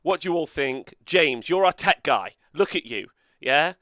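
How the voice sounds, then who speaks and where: Guy hosting a chat, high voice, laughs a lot, bright tone. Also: lively intonation, no room sound, studio quality. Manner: laughs a lot, quick and playful. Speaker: podcast host. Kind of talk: casual group chat.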